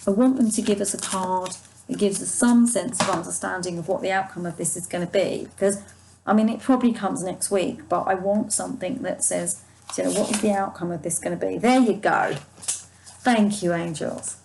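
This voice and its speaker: This tarot card reader has a creaky, mid-range voice at a moderate pace, with noise in the background. Soothing and reassuring, she offers her viewers a casual reading, speaks of angels guiding her, and frequently breaks off sentences to start them over.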